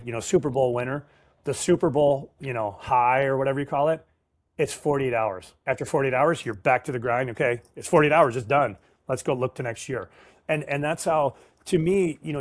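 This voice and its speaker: Here a middle-aged man with a mid-range voice, recorded with no echo, spins casual stories as a sales professional guest. He's an animated storyteller who acts out conversations and leans on casual slang in this interview.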